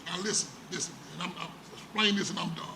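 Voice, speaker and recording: Male pastor, sermon, high voice, gravelly, echoey church room, background noise. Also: quick pace, bright, forceful tone. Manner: dramatic preaching with rhetorical questions and repetition. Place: church sanctuary.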